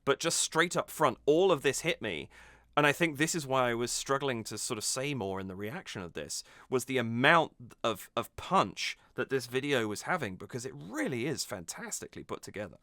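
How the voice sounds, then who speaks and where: A man's voice: mid-range voice, expressive, normal speed, pushed and bright, dry recording, studio quality. A man hosting a music reaction, talking through the song analytically in a thoughtful way, often restarting his sentences.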